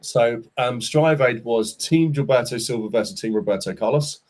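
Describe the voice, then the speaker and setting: A man's voice: medium pitch, normal speed, a little mellow. Forties male guest, easygoing and candid, mid-range voice, plain conversational storytelling. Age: 40s. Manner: chatty, candid storyteller with casual slang. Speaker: startup CEO, podcast guest. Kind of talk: casual interview chat.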